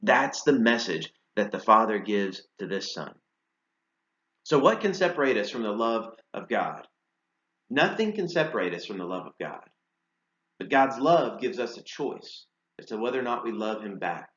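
A man's voice: lowish voice, big pitch swings, moderate pace, a bit bright. A man preaching a sermon in a conversational way, asking rhetorical questions and using casual fillers. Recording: roomy and slightly dull sound.

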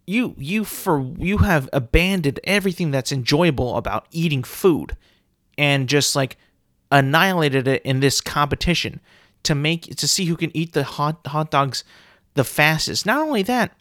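A man on his podcast mic, ranting with loud, swearing exasperation. His voice swings widely up and down as he riffs. The sound is close and dry, with no room echo at all. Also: a little high. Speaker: podcast host. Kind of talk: solo comedic rant.

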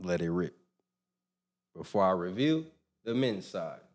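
A man hosting a casual live boxing stream, talking straight to his viewers in an animated, slangy way. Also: low voice, unhurried. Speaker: boxing podcast host.

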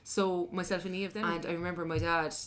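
A young woman hosting a casual podcast chat, brash and quick to swear and laugh. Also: lowish voice, flat delivery, a bit bright.

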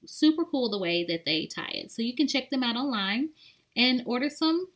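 A woman's voice: fairly high pitch, big pitch swings, normal speed. A woman co-hosting a podcast in a casual, rambling chat, with lots of "like" fillers. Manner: chatty and rambling, with many "like" fillers. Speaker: podcast co-host.

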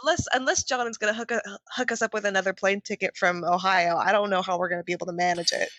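A woman's voice: medium pitch, fairly even intonation, quick pace, fairly bright tone, dry recording. A woman guest on a podcast, chatting in a friendly, talkative way. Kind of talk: casual chat.

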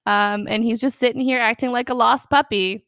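A young woman chatting casually about a film, animated and acting out quotes. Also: on the high side, moderate pace, dry recording, clean studio sound. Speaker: podcast co-host.

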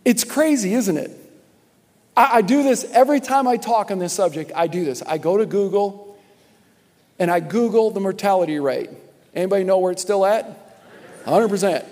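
A man's voice: sits high, moderate pace, long pauses, a little mellow. A man preaching a sermon as pastor, emphatic and repetitive, calling on the congregation to respond. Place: church sanctuary. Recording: long hall reverb.

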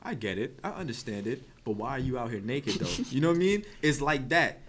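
A man's voice: mid-range voice, big pitch swings, a little fast, a bit bright, a little hiss or hum. Rambling New man telling stories. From New York. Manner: storytelling, rambling with restarts and swearing. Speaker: podcast co-host. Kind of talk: casual chat.

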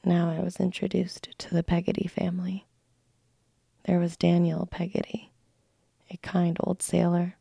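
Woman whispering a storybook, whispered role-play, gravelly low and dark, close dry mic. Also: completely flat delivery, dry recording. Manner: soft, slow, unvoiced whisper. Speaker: narrator.

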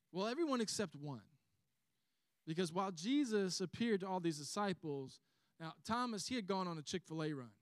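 A pastor preaches in a high-pitched voice. He tells the story in a lively way and chuckles often. The recording is dry and close, with little room sound. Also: dry recording. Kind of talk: sermon.

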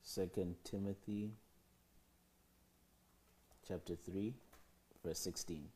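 A man, a bishop, reading a Bible verse aloud slowly and answering the teacher in single words. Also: sits low, steady tone, warm tone. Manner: slow, deliberate reading, short replies.

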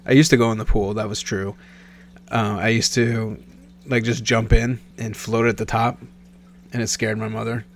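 A man in his thirties from Nebraska with a low, gravelly voice tells a personal story in a loose, rambling way. He keeps restarting and correcting himself mid-thought. A faint hum sits under the recording. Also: flat delivery, moderate pace. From Nebraska, USA.

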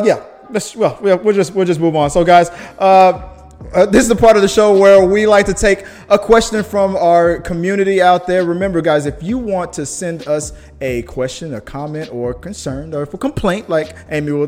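A man's voice: high voice, moderate pace, a little mellow. A man hosting a casual chat show, rambling with restarts and frequent laughter. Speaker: podcast host.

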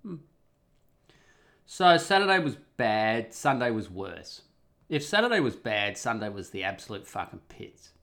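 A man's voice: fairly low pitch, sing-song, measured pace, a bit bright. A man telling a personal story in a casual, rambling monologue, wry and full of swearing. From Australia.

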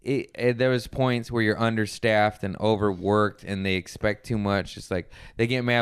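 A man's voice: lowish voice, steady tone, normal speed, hardly any pauses, smooth, dry recording, clean studio sound. A man hosting a casual podcast, chatting loosely and swearing a lot, often slipping into mock-angry quoted rants. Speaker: podcast host.

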